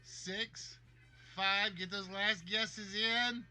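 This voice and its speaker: Bright-voiced high-pitched male game show host. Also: steady tone, very slow, faint music behind. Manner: jokey, reads guesses aloud. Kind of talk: livestream game show hosting.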